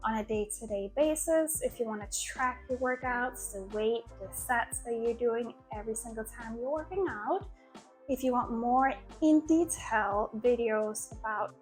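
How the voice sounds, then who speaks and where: A woman's voice: on the high side, a little slow, faint music behind. A young woman explaining workout moves step by step in a chatty vlog, recorded on a small mic. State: out of breath at the end. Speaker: fitness creator. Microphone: small new mic.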